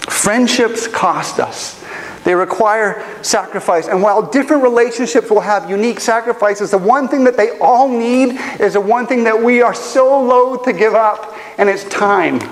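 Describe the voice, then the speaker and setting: Speaking at normal speed in a high voice, a man delivers a sermon as pastor. His storytelling is earnest and emotional, and the church auditorium adds long hall reverb and faint ambience.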